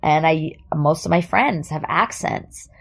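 Brief: woman from Germany, low-ish voice, playful talk-show guest. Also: measured pace, creaky. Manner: playful, slips into impressions. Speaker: guest, comedian and actor. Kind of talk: casual podcast chat.

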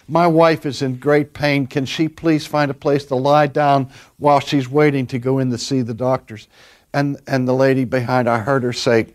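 Older pastor preaching earnestly. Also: male voice, medium pitch, darkish tone. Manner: earnest storytelling, drawn-out emphasis on key words. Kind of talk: sermon.

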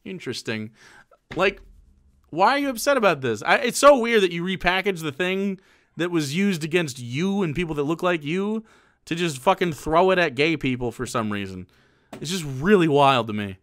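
A man's voice: fairly high pitch, normal speed. A man streaming live, ranting sarcastically and profanely as he reacts to a clip. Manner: sarcastic, profane, animated rants.

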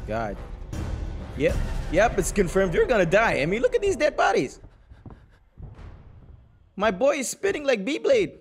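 A young man narrating a horror game as he plays, jumpy and talking to viewers, going from hushed mutters to panicked shouts, his voice getting worn. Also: high-pitched, big pitch swings, a little slow, pauses often. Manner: talks to viewers while playing. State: losing his voice. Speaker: gaming YouTuber. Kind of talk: horror game let's play commentary. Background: game music.

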